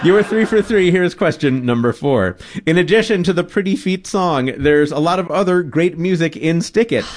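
Male quiz host, higher side, very lively pitch, playful with fun facts. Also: normal speed, slight background noise. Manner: playful, reads questions and fun facts with laughs. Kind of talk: radio quiz hosting.

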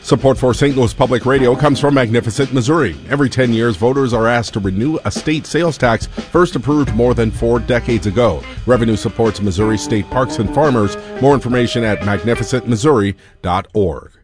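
A man's voice: medium pitch, brisk, soft background music. A man reading a scripted sponsor announcement for public radio.

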